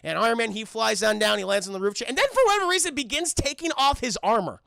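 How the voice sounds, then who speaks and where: Male streamer, high gravelly voice, bright tone, dry close mic; animated, profane film recap with lots of fillers. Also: no echo. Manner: animated, swears often, acts out lines in quick bursts; many fillers and restarts. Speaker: film reviewer streaming live. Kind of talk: casual scene-by-scene film recap to live chat. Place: home streaming setup.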